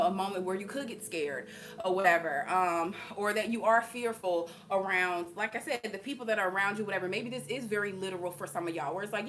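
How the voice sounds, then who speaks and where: A woman's voice: medium pitch, a bit bright, slight background noise. A woman vlogger talking to her viewers in a casual, emphatic way, often laughing and repeating asides to them. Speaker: spiritual vlogger. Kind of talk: casual spiritual encouragement to viewers.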